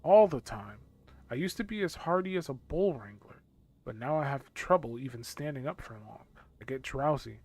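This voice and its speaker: Gruff, tired town guard for a game, read by a man: gravelly and grumbling. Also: medium pitch, animated, moderate pace, darkish tone. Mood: weary. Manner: world-weary, grumbling.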